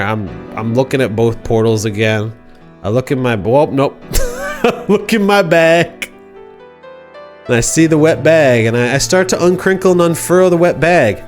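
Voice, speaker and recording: A man's voice: on the high side, lively intonation, moderate pace, faint music behind. A man hosting a live stream, telling a rambling, playful made-up story with lots of self-interruptions. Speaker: streamer host. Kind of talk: improvised comic storytelling.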